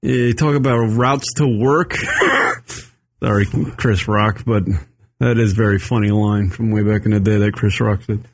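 A man's voice: on the low side, steady tone, unhurried. A man from Long Island hosting a radio show from a studio, chatting casually and rambling with lots of fillers and swearing. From Long Island, New York. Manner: rambling, profane, many fillers.

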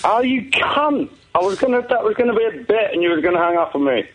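A tipsy man with a London Cockney accent on the line, bantering loosely with the hosts. His pitch sits fairly high and swings in a lively way as he talks. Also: racing, poor audio. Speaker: caller. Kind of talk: phone-in chat.

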